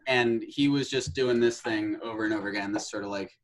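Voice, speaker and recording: A man's voice: fairly low pitch, steady tone, fairly quick, loud music behind the voice. A man in his twenties, a guest musician and actor, chatting in an easygoing way and laughing often. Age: 20s. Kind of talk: casual interview chat.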